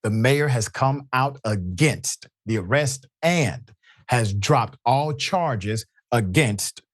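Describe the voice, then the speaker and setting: A man's voice: medium pitch, lively intonation, takes it slowly, no echo, clean studio sound. A male host giving live news commentary in an emphatic, indignant manner. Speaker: show host.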